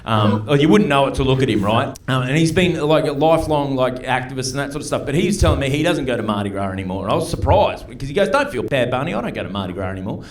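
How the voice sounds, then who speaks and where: A middle-aged man with an Australian accent, performing a stand-up comedy set in a club and telling chatty, punchy stories with quick mock voices. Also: medium pitch, slight background noise. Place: comedy club stage before a live audience.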